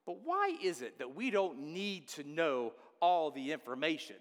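A man preaching a sermon as pastor, repeating key phrases with animated delivery. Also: fairly high pitch, measured pace, big-room sound.

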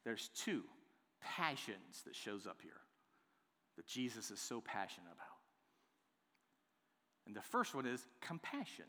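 A man preaching a sermon to his church, swinging between hushed, drawn-out lines and loud, emphatic ones. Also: on the low side, big pitch swings. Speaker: pastor. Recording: long hall reverb.

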